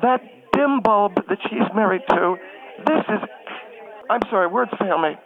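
A man's voice: sits high, lively intonation, measured pace, gravelly, voice pushed up, exaggerated voice. A man voicing an indignant older woman homeowner who snipes and insults others. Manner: huffy, insulting, talks over others. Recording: tinny phone line.

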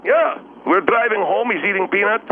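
Very high-voiced man on a phone line. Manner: broken English, halting and emotional. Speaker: caller. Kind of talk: rambling call-in storytelling. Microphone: telephone. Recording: phone line with faint hiss.

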